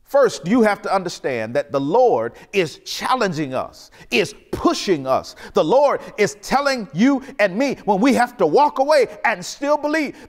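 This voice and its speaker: A man preaching a sermon as pastor, with a Southern American accent, building fervor with dramatic pauses. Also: high-pitched. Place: church sanctuary. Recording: long reverb of a church hall.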